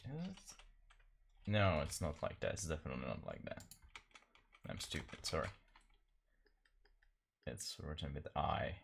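Guy streaming his painting, talks slow and rambly, putting himself down a lot, keyboard clicks in the background. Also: rumbling low, wildly swooping pitch, creaky, noisy background. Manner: rambling, self-deprecating, laughs often. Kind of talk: casual live-stream chat.

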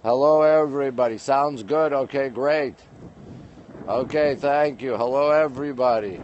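Male livestream host on a phone outdoors, cold and chatty, greeting viewers by name; mid-pitched voice with faint noise behind. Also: unhurried, a little mellow, dull audio. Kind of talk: casual live-stream chat greeting viewers. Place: outdoors on a windy city rooftop at night.

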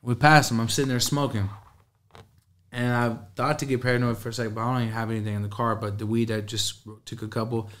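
A man's voice: mid-range voice, little pitch movement, quick pace, fairly bright tone, slight background noise. A man, a guest telling a casual, streetwise story full of profanity. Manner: streetwise, profane, laid-back.

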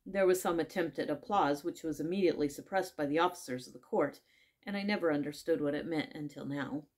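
A woman's voice: sits low, brisk, a little mellow. A woman doing a prim, earnest storybook girl. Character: young girl, meek then bold.

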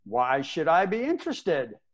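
Gruff old space ranger, stubborn, blunt, lively swooping delivery, audio drama narrator. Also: male voice, fairly high pitch, a little slow. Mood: defiant. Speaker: narrator and lead character.

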